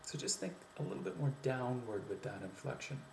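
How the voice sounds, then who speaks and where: A man teaching pronunciation as an accent coach, explaining step by step with many "um" pauses and spoken demonstrations. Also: mid-range voice, gravelly, background noise. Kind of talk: instructional video lesson. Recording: echoey room, faint ambience.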